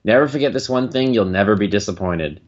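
Low-voiced man on a dull lo-fi mic. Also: animated, quick pace. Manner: wry, teasing. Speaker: podcast co-host. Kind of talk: casual sports podcast chat.

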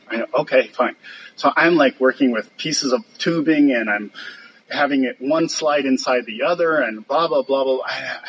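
An older man with a husky, slightly breathy voice tells behind-the-scenes workshop stories over a slide show. He talks loosely and warmly, slipping into quick impressions of colleagues and chuckling between points. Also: mid-range voice, poor audio. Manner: lively storyteller who mimics others and laughs often. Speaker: guest puppet sculptor. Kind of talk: anecdotal talk over slides.

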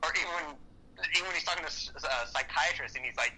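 A man co-hosting a casual movie-review podcast, excitable and profane, often acting out lines from the film. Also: a little high, fast talker, husky, poor audio. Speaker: podcast co-host.

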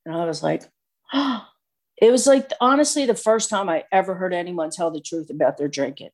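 A woman casually telling a personal recovery story in an animated, chatty way, full of fillers. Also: on the low side, moderate pace. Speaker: speaker sharing a recovery story.

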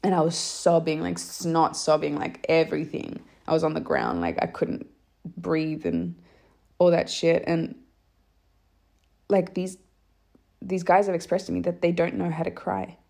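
Woman vlogging, low voice with lots of vocal fry, rambly and sweary. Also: measured pace, long pauses, darkish tone. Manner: candid, rambling, swears freely. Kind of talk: emotional personal monologue. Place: lives in Iceland.

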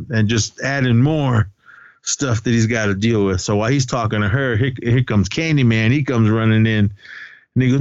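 Male podcast co-host, low voice, casual film recap, dry lo-fi mic. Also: normal speed, no room sound. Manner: retells scenes loosely, acting out lines, laughs often. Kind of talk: casual movie recap chat.

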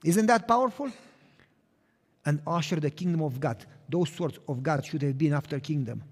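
Earnest male preacher, higher voice, emphatic then hushed; recorded with long hall reverb. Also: moderate pace. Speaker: pastor. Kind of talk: sermon.

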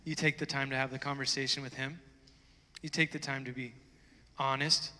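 A man's voice: medium pitch, little pitch movement, a little fast. Fervent preacher man in a reverberant hall. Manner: conversational preaching that swells to loud fervent passages. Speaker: pastor. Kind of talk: sermon. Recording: long reverb of a large hall.

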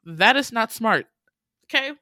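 A woman's voice: measured pace, no room sound, studio quality. Sarcastic young woman recapping a film. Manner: expressive, laughing, sarcastic, acts out quotes in higher voices. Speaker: podcast host reviewing a film. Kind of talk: casual chat, animated retelling.

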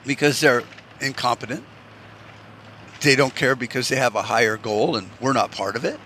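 A man's voice: medium pitch, fairly quick, sharp tone, slight background noise. A man from the United States delivering a heated, rambling, profane rant and restarting his sentences often. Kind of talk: ranting monologue.

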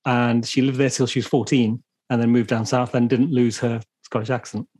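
A man co-hosting a podcast, playful and quick to laugh in casual chat. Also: medium pitch, level tone, a little mellow. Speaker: podcast co-host.

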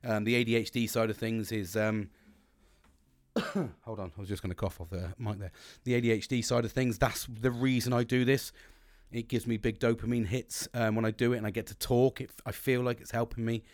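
A man's voice: medium pitch, fairly even intonation, brisk, no room sound. A middle-aged man hosting his own podcast, rambling and swearing with a self-deprecating humour in casual solo chat. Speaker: podcast host. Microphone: close podcast microphone.

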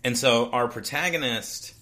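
The man's voice is medium in pitch, bright and forceful, delivered at a measured pace. Co-hosting a casual book discussion podcast, he summarizes the story loosely, restarting often.

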